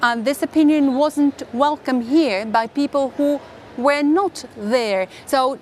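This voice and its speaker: A woman's voice: high voice, slow pace, a little mellow, slight background noise. Polite woman moderating a panel. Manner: polite, questioning, non-native English. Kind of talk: round table discussion.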